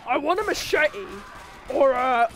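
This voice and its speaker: A woman voicing a brash, violent male cartoon bear who gives loud, mocking let's play commentary and laughs often. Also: high-pitched, expressive, unhurried, music in the background. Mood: excited. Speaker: gamer. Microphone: headset.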